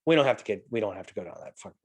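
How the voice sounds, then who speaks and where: Man, middle-aged, podcast host, casual talk, lively storyteller, swears freely. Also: on the low side, racing, slightly rough. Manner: animated storyteller, swears freely, acts out quotes.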